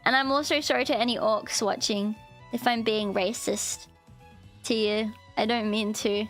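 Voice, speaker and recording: A woman's voice: a little high, steady tone, normal speed, fairly bright tone, soft background music. A woman streamer chatting with her viewers in a bubbly, giggly way, rambling with lots of "like". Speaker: streamer, VTuber. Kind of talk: casual live-stream chat.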